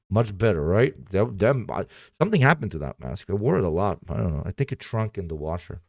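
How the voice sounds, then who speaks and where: A man's voice: on the low side, sing-song, brisk, vocal fry, a little mellow, no room sound, studio quality. A man livestreaming, chatting casually with his viewers in a profane, sarcastic way.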